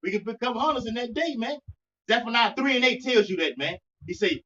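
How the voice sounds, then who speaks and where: High-voiced man reading scripture. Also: expressive, bright, forceful tone. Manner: reads verses aloud, backs others up with quick agreement. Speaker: scripture reader. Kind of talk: reading scripture in a street teaching. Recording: distant dull recording.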